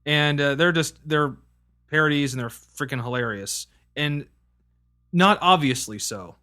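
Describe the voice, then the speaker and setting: A man's voice: on the high side, a little slow, sharp tone. A man co-hosting a podcast, chatting casually, teasing his partner with exasperated, swearing banter. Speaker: podcast co-host. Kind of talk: casual banter about games and media.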